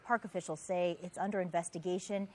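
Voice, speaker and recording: A woman news anchor reading a report in a crisp, measured broadcast delivery. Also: fairly low pitch, fairly even intonation, slight background noise.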